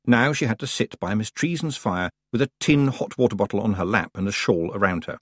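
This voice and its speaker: Husky male audiobook narrator. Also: on the low side, expressive, brisk, fairly bright tone, no room sound, clean studio sound. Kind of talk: scripted narration.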